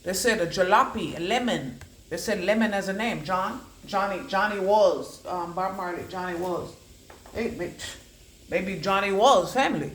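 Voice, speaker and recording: Woman, psychic reader, rambling, chanting repeats, mid pitch, roomy echo. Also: moderate pace. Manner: swings between low murmurs and loud declarations. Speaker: psychic oracle card reader. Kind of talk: channelled oracle card reading. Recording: echoey room.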